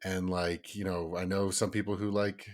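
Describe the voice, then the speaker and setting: A man with a fairly low voice co-hosts a relaxed parenting podcast. He talks in casual chat and tells stories with energy. He swears now and then without thinking about it. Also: normal speed. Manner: lively storyteller, acts out kids' voices, swears casually.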